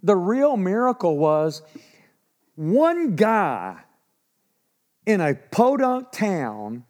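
Man, pastor, folksy animated sermon, high voice, church. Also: drawn-out words. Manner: folksy, animated storytelling with laughs and acted quotes. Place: church in Texas.

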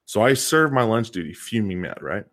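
This coach and PE teacher co-hosting a podcast has a fairly low, slightly bright voice with a sing-song lilt at normal speed. Telling a story in casual chat, he leans hard on repeated words for emphasis.

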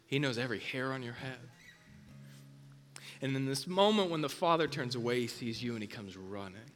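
With a medium-pitched voice, this pastor preaches intensely, repeating key points. His delivery swings from loud emphasis down to a hush.

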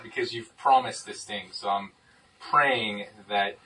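A man's voice: lowish voice, unhurried. A man in a Bible study group who explains his point in an earnest way. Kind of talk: group discussion. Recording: distant mic with clear noise.

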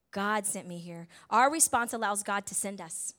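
A woman's voice: medium pitch, normal speed, hardly any pauses. Chatty woman preaching a sermon. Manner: conversational storytelling, frequent tag questions, wide swings in loudness.

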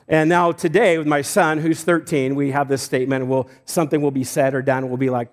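A middle-aged pastor from Idaho, United States, preaches a conversational sermon in a fairly high voice at a brisk pace. He restarts frequently and cracks self-deprecating jokes.

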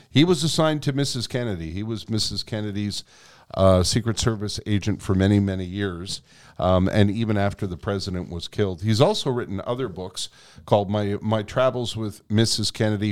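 A man co-hosting a podcast, chatting loosely with fillers and reading an ad. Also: lowish voice. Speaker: podcast co-host. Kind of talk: casual chat and live ad read.

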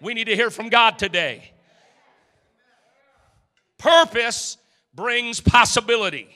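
Male preacher, high-voiced, fervent exhorter, church pulpit energy, punchy delivery; needs a piercing, bright tone. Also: takes it slowly, in a large hall. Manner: fervent, exhorting, calls out to the congregation. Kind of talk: energetic sermon.

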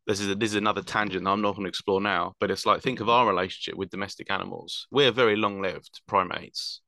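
A man's voice: sits low, steady tone, fast talker, gravelly, sharp tone, no echo. A man explaining wildlife at length in casual chat, rambling with fillers and self-corrections.

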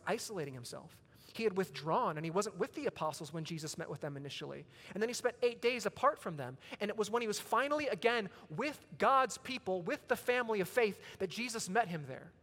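A man in his thirties with a high voice delivers a sermon in a church sanctuary. He moves between relaxed, chatty storytelling and emphatic peaks. A long reverb trails his words. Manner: conversational storytelling preacher, rising to emphatic peaks. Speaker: pastor. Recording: long reverb of a large hall.

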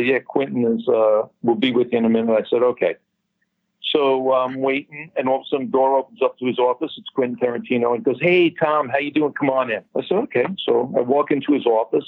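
A man tells a long story in a relaxed, chatty way and drops casual swears along the way. His voice is husky and dry. It comes through a slightly dull, muffled line. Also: medium pitch, dry recording. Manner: chatty storyteller, swears freely, laughs at his own punchlines. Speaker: guest telling a story. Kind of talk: casual anecdote over a call.

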